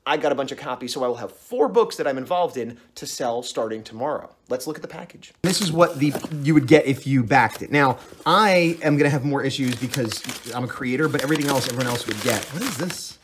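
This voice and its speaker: A man's voice: mid-range voice, fast talker, hardly any pauses, slight background noise. A man casually telling a long story on his vlog, rambling and acting out the other voices in it. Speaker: comic artist vlogger.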